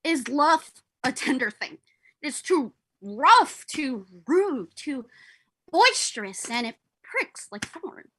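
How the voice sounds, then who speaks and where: A lovesick, brooding young man, as a young woman reads him in a livestreamed Shakespeare reading. Her voice is high and bright, and she takes the verse slowly, with weight. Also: big pitch swings, heavily acted, low-quality recording. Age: young adult. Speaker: volunteer reader.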